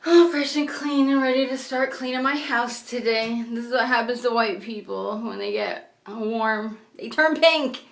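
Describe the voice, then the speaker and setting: Middle-aged lady rambling at home, drifts into whispers, roomy echo. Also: on the high side. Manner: chatty and meandering, sometimes dropping to a whisper. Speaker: vlogger. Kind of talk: rambling personal vlog. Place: her home. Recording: echoey room.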